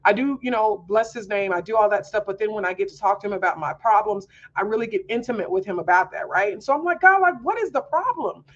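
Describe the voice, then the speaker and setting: A woman's voice: medium pitch, quick pace, few pauses, lo-fi sound. A woman hosting a homeschool mom podcast, talking earnestly in a candid personal monologue, confiding and full of fillers.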